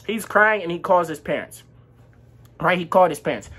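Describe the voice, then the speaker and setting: A young man in his teens telling a casual storytime vlog, animated and slangy, acting out what everyone said. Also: high voice, moderate pace, slightly rough. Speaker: vlogger.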